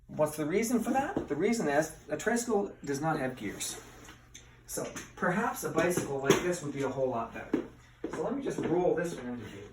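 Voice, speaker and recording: A man's voice: a little high, sing-song, a little fast, far from the mic, very noisy. A middle-aged man teaching a lesson with a bike demonstration, chatty and playful, asking his class questions. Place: indoor room with bikes. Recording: echoey room, voice from afar.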